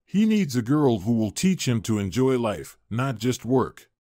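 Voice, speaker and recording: A man voicing a gentle, sly, bedridden older mother in a storybook reading. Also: mid-range voice, big pitch swings, a little slow, no room sound, studio quality. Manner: soft, hopeful.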